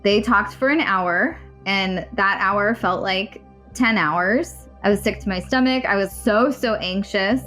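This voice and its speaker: A woman's voice: medium pitch, measured pace, bright, forceful tone, faint music behind. Candid woman telling a painful story. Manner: earnest, emotional, swears now and then. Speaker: guest recounting a personal story.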